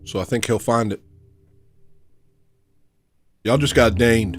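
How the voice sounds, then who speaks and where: A man's voice: mid-range voice, lively intonation, slow, pauses often, a bit bright, faint music behind. A man hosting a casual livestream, rambling and joking, reading out viewer messages and slipping into little rhymes. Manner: rambling, joking, slips into rhyming riffs; reads out viewer donations. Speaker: livestream host.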